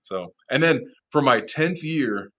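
Man guest, bar manager, animated storyteller, laughs and swears, muffled lo-fi sound. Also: mid-range voice, slow. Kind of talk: casual storytelling.

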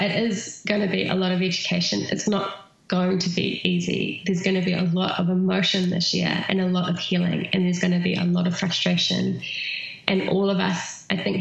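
Earnest woman with a gravelly voice in an echoey room. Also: lowish voice, highs cut off. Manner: earnest, thoughtful, many fillers. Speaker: interview guest. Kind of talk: reflective conversational interview.

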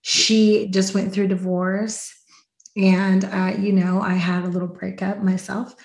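Woman, podcast host, casual chat, roomy echo, animated storyteller. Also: medium pitch, measured pace, creaky. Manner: animated storyteller, acts out quotes.

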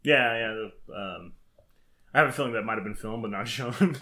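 A man's voice: mid-range voice, brisk, bright, forceful tone. A man co-hosting a podcast in casual chat, with dry, teasing banter. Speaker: podcast co-host.

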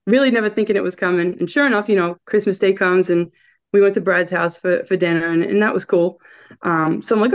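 A podcast guest with a regional American accent tells a story in casual chat, speaking fairly quickly at medium pitch. She's chatty and laughs often, quoting people in lively voices. The lo-fi sound is dull.

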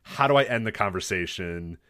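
Animated, fast-talking man telling stories. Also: low voice, no room sound, studio quality. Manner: animated storyteller, acts out quotes, laughs often, swears. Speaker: podcast co-host. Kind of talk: casual chat.

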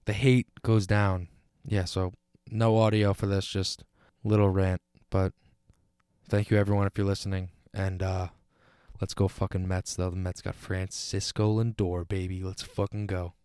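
Young american dude ranting on his podcast, kinda low voice, lots of swearing and false starts, dead dry mic. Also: flat delivery, moderate pace, darkish tone, clear, resonant tone, no echo. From United States. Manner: frustrated, rambling, swears, many restarts. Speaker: podcast host. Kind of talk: solo rant.

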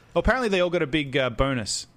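A man's voice: on the high side, lively intonation, brisk, fairly bright tone. A man co-hosting a casual podcast conversation. He rambles along with frequent fillers and restarts, in an easygoing chatty way. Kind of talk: casual chat.

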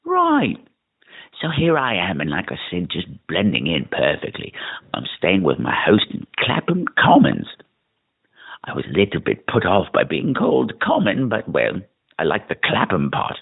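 Over a tinny phone voicemail, a drunk podcast host leaves himself a rambling message in a campy, exaggerated mock British accent. His deep voice swings hugely in pitch, creaky and slightly rough, at normal speed.

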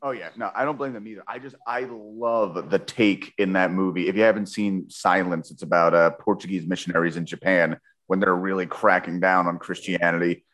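A man's voice: deep voice, fairly even intonation, brisk, hardly any pauses, fairly bright tone. A man hosting a podcast, chatting casually about a book with a guest in a rambling, jokey way. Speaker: podcast host. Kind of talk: casual book-club chat.

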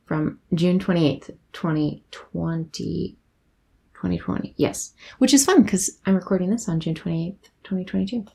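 Young female podcast host, casual and giggly, speaking softly with a dark, husky-low voice. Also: normal speed. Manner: rambling, giggly, soft-spoken. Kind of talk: casual solo podcast reflection.

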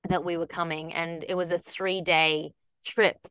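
A woman's voice: lowish voice, flat delivery, normal speed, fairly bright tone, clear, resonant tone, no room sound. An Australian woman co-hosting a podcast, chatting casually and rambling with lots of fillers and restarts. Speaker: podcast co-host. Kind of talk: casual chat.

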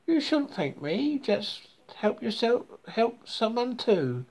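Reader doing a kind helpful little mouse, storybook, high voice, slow. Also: sing-song, exaggerated voice. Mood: gentle. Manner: gentle, rhyming storybook voice.

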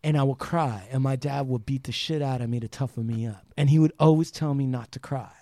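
A man co-hosting a podcast who tells candid stories in an emphatic way and gets loud at times. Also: mid-range voice, brisk, dry recording, studio quality. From Washington state, USA. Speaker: podcast co-host. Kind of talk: candid conversational storytelling.

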